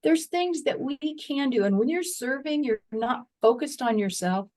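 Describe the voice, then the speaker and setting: An older woman with a fairly high voice talks with earnest warmth about pushing through hard times. Her delivery is folksy and encouraging, and she sometimes plays out her own inner back-and-forth in quoted lines. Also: expressive, moderate pace. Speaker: guest. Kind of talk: interview conversation.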